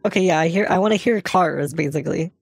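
A man's voice: on the high side, quick pace, gravelly, husky, no room sound. A man using a voice changer to play a bossy, scatterbrained young woman caller who keeps saying "like". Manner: rambling, bossy, full of "like". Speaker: scam baiter.

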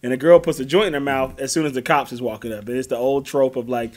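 A man's voice: mid-range voice, steady tone, quick pace, darkish tone. A man co-hosting a podcast, recapping a TV episode in loose slang and acting out scenes with voices. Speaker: podcast co-host. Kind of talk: casual TV recap chat.

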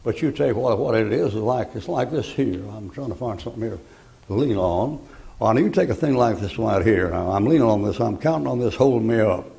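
An older preacher delivers a folksy sermon full of jokes and acted-out stories. His voice is dark and gravelly, and it sounds like a live church recording. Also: lowish voice, lively intonation, brisk.

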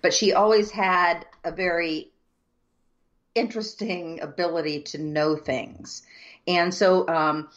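A woman from the southern United States co-hosting a casual chat, telling a story at a measured pace with frequent ums. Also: on the low side, fairly even intonation, muffled recording. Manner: measured, many ums, descriptive. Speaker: co-host.

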